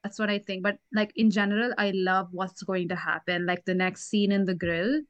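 A woman co-hosting a podcast, thinking out loud in casual chat with many "like" fillers. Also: medium pitch, little pitch movement, moderate pace, no room sound, lo-fi sound. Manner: thoughtful, with many "like" and "you know" fillers. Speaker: podcast co-host.

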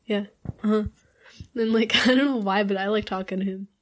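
A woman's voice: mid-range voice, steady tone, quick pace, a bit bright. A young woman in a casual group conversation, telling personal stories in a rambling way with many fillers. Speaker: group chat participant.

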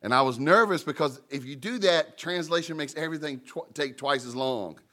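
A man preaching in a church, telling stories and paraphrasing scripture in a relaxed, conversational way. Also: fairly high pitch, moderate pace. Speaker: pastor. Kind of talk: sermon.

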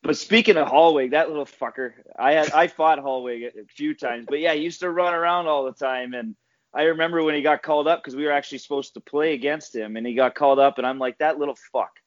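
A man's voice: a little high, fast talker, no room sound, muffled recording. A man hosting a podcast, chatting casually with enthusiasm and profanity. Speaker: podcast host, former hockey player. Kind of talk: casual chat.

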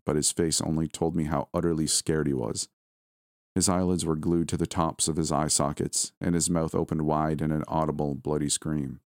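A man reads a horror story aloud in a steady, somber storytelling manner. His voice is very low, and the recording is dry and close, with no room echo. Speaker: narrator. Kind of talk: scripted horror story narration.

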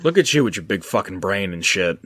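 A man's voice: low voice, big pitch swings, a little fast, a bit bright, slight background noise. A man co-hosting a casual gaming lore podcast, rambling and swearing, with stumbling restarts. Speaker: podcast co-host.

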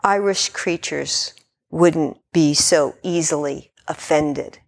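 A woman's voice: sits low, takes it slowly, gravelly, full character voice. A woman voicing a polite, flustered young girl who pleads her case, reading a story aloud in a dharma talk. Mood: pleading.

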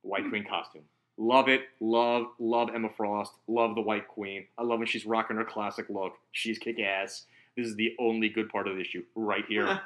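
A man's voice: lowish voice, level tone, normal speed, hardly any pauses, fairly bright tone. A man co-hosting a podcast, chatting casually with an eager, enthusiastic manner. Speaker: podcast co-host. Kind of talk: casual chat.

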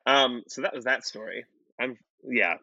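Guy telling a wild story on a podcast, sharp bright voice, kinda dull dry recording. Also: medium pitch, measured pace, dry recording. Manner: animated, profane storytelling. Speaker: podcast guest. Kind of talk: casual storytelling chat.

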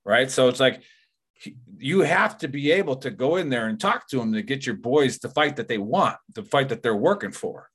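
A man's voice: medium pitch, expressive, normal speed, fairly bright tone, breathy edge. A man hosting a podcast in casual chat, rambling and profane, leaning on "like" and "you know". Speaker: podcast host.

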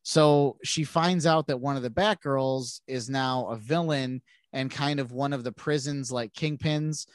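A man's voice: mid-range voice, unhurried, hardly any pauses, no echo. A man with a nasal voice, co-hosting a podcast and recapping comic books in a casual, rambling way with many restarts. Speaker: podcast co-host. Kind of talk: casual comic book chat.

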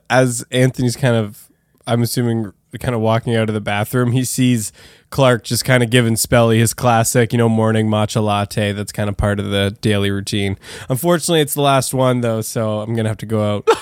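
A man's voice: lowish voice, fairly even intonation, moderate pace, clean tone, dry recording, clean studio sound. A man playing a tabletop game, rambling with lots of fillers. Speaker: player.

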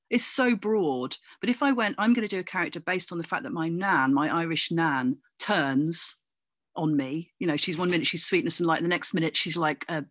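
A woman from Cornwall, an actor and comedian, chatting as an interview guest with animated, anecdotal storytelling. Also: on the low side, dry recording, clean studio sound. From Cornwall, England. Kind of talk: casual interview chat.

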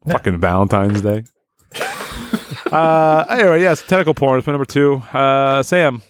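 A man's voice: mid-range voice, lively intonation, moderate pace, slight background noise. A man hosting a comedy podcast, crude and joking, doing improv bits with his co-hosts. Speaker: podcast host.

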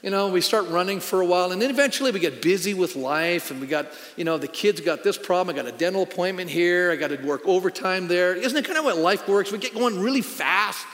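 A man's voice: high voice, fast, few pauses, fairly bright tone, in a large hall. A middle-aged man, a pastor, preaching a sermon in a conversational, storytelling way with emphatic punches.

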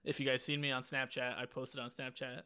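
A man's voice: mid-range voice, flat delivery, a little fast, pushed and bright, clear, resonant tone. Rambling, profane young man on a podcast. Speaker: podcast co-host. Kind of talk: casual podcast chat.

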